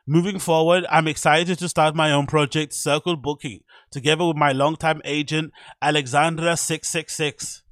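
A man's voice: fairly high pitch, fairly even intonation, normal speed, few pauses, a bit bright, dry recording, studio quality, pitched above the performer's own voice, close to an everyday voice. A man reading out an announcement in a put-on German accent, stiff and formal. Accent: mock German.

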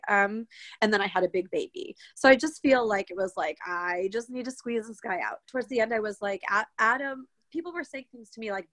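A young woman tells a story in a relaxed, conversational voice and brings it to life by acting out the lines other people said. Her voice sits in a middle register. The recording is dry and close, with very little room sound. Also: medium pitch, no room sound. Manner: chatty, animated retelling with many quoted asides. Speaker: guest telling her birth story.

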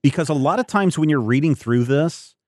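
A man's voice: on the high side, expressive, a little fast, no echo, clean studio sound. A man hosting a podcast in casual talk, rambling and thinking aloud with many fillers. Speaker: podcast host.

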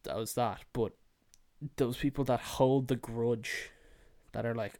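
A man's voice: mid-range voice, fairly even intonation, measured pace, long pauses, darkish tone. A man hosting a podcast, venting alone in a heated, profane rant and slipping into mocking impressions. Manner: profane, heated, swears freely; slips into mocking whiny impressions. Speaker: podcast host. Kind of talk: solo ranting monologue.

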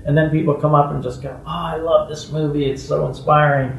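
A man guesting on an interview, telling stories casually and acting out other people's voices with big jumps in pitch. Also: level tone, a little fast, gravelly, recorded from a distance, slight background noise. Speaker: guest actor. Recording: echoey room, off-mic with faint ambience.

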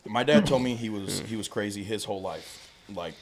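A man telling profane, animated stories in a casual podcast chat, acting out other people's voices. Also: lowish voice, moderate pace, a little hiss or hum. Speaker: podcast guest. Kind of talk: casual storytelling.

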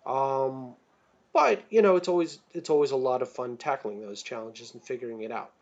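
A man, a children's book author, answering interview questions in a rambling, animated way with many fillers and restarts. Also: medium pitch, moderate pace. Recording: slightly dull lo-fi audio.

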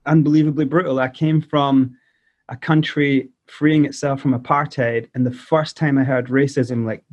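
A man's voice: mid-range voice, steady tone, normal speed. A man in his forties with a Scottish accent carrying South African traces, telling his life story as a podcast guest in a loose, rambling way full of restarts. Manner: rambling, many restarts and "like" fillers. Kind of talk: casual interview storytelling. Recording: dull lo-fi audio.

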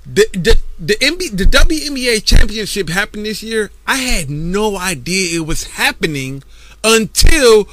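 A man arguing on a podcast in a heated casual debate, loud and insistent, repeating himself when interrupted. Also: high voice, very animated, a little slow, no room sound. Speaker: podcast co-host.

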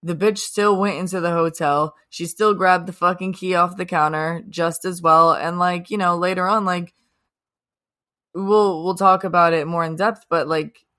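Woman, lowish voice, podcast co-host, casual, swears, lots of "like". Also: fairly even intonation, moderate pace, a bit bright. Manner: casual and giggly, heavy on "like", swears freely. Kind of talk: casual TV recap chat.

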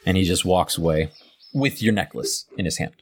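A man's voice: deep voice, normal speed, slightly rough. A man narrating as game master in a tabletop game, loose and casual with many fillers.

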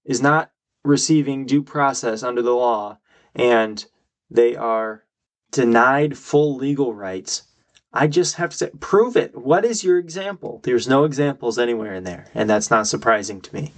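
Gravelly young man ranting on a podcast. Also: medium pitch. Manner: emphatic, argumentative, worked up. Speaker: podcast host. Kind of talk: opinionated solo commentary.

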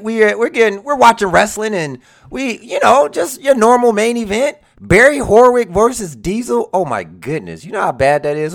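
A speaker giving a casual countdown of wrestling moments, excitable, laughing and acting out scenes in quoted voices. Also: mid-range voice. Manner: laughs while telling. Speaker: wrestling commentator.

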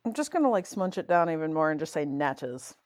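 A woman co-hosts a casual podcast in a relaxed way, often saying 'like'. Her pitch moves widely as she speaks. The recording is dry and close. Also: quick pace, no room sound. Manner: relaxed, uses 'like' a lot. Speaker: podcast co-host. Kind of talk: casual chat.

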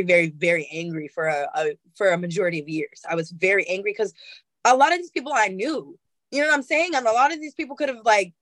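A woman's voice: lowish voice, no room sound. A young woman musician speaking candidly and emotionally in a casual interview, swearing freely. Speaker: musician guest.

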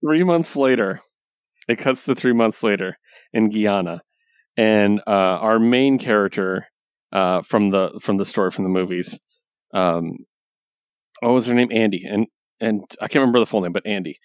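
A man with a lowish voice chats casually about comics, recounting plots with easy laughter. His voice sounds dry and close. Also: normal speed, dry recording. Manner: relaxed storytelling, laughing while retelling scenes. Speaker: comic book podcast co-host. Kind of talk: casual chat.

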